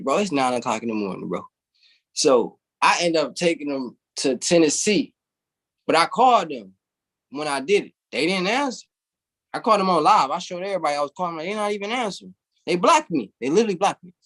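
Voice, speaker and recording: A man's voice: a little high, fairly bright tone. A young man, a guest in an interview, telling a long story casually and animatedly, swearing freely and laughing as he goes.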